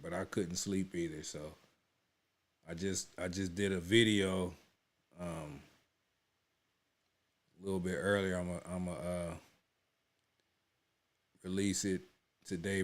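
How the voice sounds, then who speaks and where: A man hosting a reaction video, chatting loosely to viewers with many restarts and repeated words. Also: low-pitched. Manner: talks to viewers as "y'all". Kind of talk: casual running commentary.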